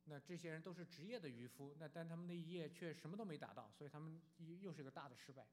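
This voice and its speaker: A man interpreting a sermon phrase by phrase, quick and halting, with fillers. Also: fairly high pitch, a little mellow.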